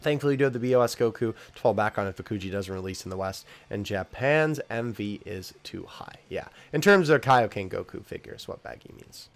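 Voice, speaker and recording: A young man hosting a casual commentary video, reacting to each item with quick laughs and sudden excited exclamations. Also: fairly low pitch, creaky. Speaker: YouTube host covering figure news. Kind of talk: casual commentary while reading news.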